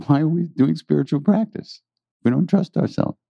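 A man's voice: fairly high pitch, unhurried, creaky, mellow, breathy edge, no room sound, dull audio. A man giving an informal spiritual talk to a live audience, earnest and rambling, often repeating his phrases.

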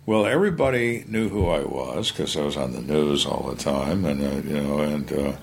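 A man's voice: rumbling low, normal speed, gravelly, breathy edge. An older man, a retired homicide lieutenant, telling blunt, wry stories from his career in an interview. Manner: blunt, plain-spoken, wry. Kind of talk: candid storytelling interview.

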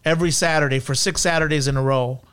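A man with a smooth, clear voice that sits a bit high. He chats casually about movies as a guest and tells personal stories with enthusiasm and quick restarts. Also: steady tone, a bit bright. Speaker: guest film commentator. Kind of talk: casual chat about films.

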